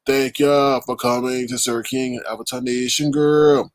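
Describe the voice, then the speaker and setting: A man's voice: mid-range voice, little pitch movement, no echo. Theatrical man streaming live commentary. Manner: theatrical, reacts loudly with drawn-out ooh and scared cries.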